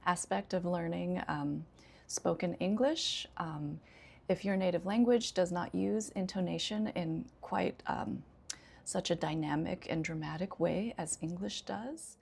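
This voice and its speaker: An American woman, an ESL teacher, explaining intonation in an unhurried way with frequent pauses. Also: lowish voice, creaky, darkish tone, husky. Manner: unhurried, many 'um' pauses, demonstrates intonation examples. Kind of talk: casual instructional talk.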